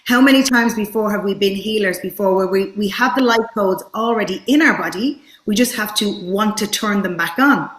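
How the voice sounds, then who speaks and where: A woman host chats eagerly over a video call, often restarting her sentences. Her voice sits at a middling pitch and echoes noticeably around her room. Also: a little fast, hardly any pauses. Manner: enthusiastic, with frequent restarts. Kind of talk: casual interview chat.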